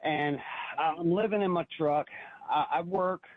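Husky-voiced man calling in by phone. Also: a little high, a little slow, no room sound. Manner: earnest, emotional, repeats himself. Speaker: caller. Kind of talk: call-in radio testimony. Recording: tinny phone line.

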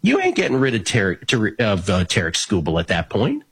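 A man's voice: on the low side, wildly swooping pitch, moderate pace, gravelly, a bit bright, breathy edge. A man hosting a sports betting talk show, talking in a casual, rambling way with restarts.

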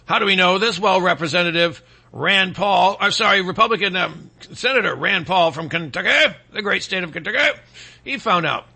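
A man's voice: high voice, moderate pace, bright, forceful tone, husky. A man hosting his own show, ranting in a rambling comic style full of restarts and asides to the audience. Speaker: show host. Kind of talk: rambling comedic conspiracy rant.

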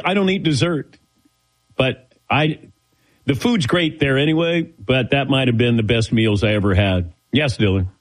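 A man's voice: mid-range voice, rough recording. A man hosting a show, telling a long rambling story in a casual way and acting out the voices of people he quotes. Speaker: show host.

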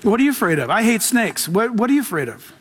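A man preaching a sermon as pastor, casual and animated, with slang and laughter. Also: sits high, fast, a little hiss or hum.

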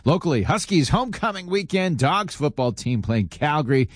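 A man's voice: fairly high pitch, big pitch swings, normal speed, dry recording. A man reading a casual morning sports update with quippy, offhand asides, on a studio mic. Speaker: sports reporter.

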